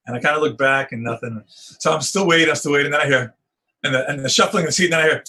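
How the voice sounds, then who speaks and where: Animated, husky-voiced man telling wildlife stories. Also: a little high, racing, poor audio. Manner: animated storyteller, acts out moments with rising excitement. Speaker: wildlife photographer. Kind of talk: storytelling interview on a video call.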